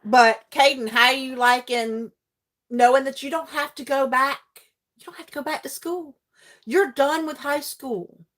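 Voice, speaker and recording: Chatty mom streamer, higher voice. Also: female voice, measured pace. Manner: chatty and animated, laughs often, greets viewers by name. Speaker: livestream host and teacher. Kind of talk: casual chat with viewers while crafting.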